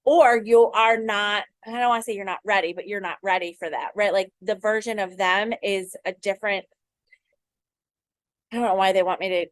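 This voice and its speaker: A woman's voice: medium pitch, steady tone, normal speed, no echo. A woman coach giving casual advice to camera, talking frankly and freely swearing, often checking in with "right?". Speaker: manifestation coach.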